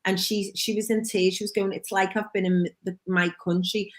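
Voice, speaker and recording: A woman's voice: medium pitch, level tone, moderate pace. A woman co-hosting a radio chat, enthusiastic and chatty. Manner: enthusiastic, chatty, many short agreements. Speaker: co-host. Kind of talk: casual chat.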